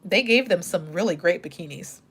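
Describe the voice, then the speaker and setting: A woman's voice: fairly low pitch, expressive, moderate pace, breathy edge. A young woman chatting casually on a livestream as a pageant commentator, bubbly and gushing.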